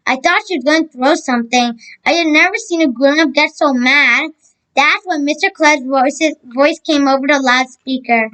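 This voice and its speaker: High-voiced woman reading a storybook. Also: moderate pace, fairly bright tone, poor audio. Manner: stumbles over words, adds side comments. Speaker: reader. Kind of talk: reading a children's book aloud.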